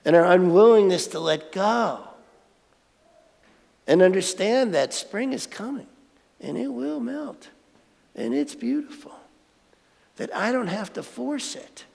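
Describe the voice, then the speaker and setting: A man with a high, gravelly voice gives a conversational sermon and often turns to the audience with questions. His talk rings in a sanctuary with a long hall reverb. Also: lively intonation, measured pace, a little mellow. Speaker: spiritual speaker. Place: spiritual centre sanctuary.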